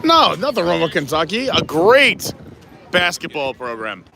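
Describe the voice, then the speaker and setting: Bright-voiced chatty man live-streaming outdoors. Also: fairly high pitch, big pitch swings, unhurried, gravelly. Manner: chatty, jokey, tour-guide asides. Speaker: live-stream vlog host. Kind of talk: casual chat while walking. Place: outdoors at a busy theme park.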